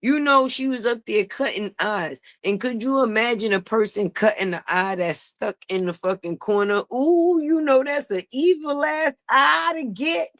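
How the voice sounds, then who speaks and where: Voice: medium pitch, normal speed, few pauses, a bit bright. A channel host giving a blunt, profane gossip commentary, repeating points for emphasis and laughing mockingly.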